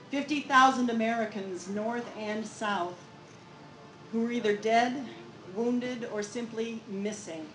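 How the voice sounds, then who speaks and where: A woman reenactor telling a historical story to an audience in a clear, earnest way. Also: fairly high pitch, echoey room, slight background noise, poor audio. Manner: clear, earnest narration with occasional fillers.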